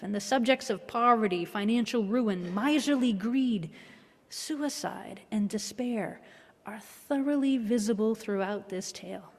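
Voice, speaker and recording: Woman minister giving a sermon, thoughtful and a bit wry, long echo from the hall. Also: on the high side. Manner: reflective, measured, gently wry. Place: worship hall.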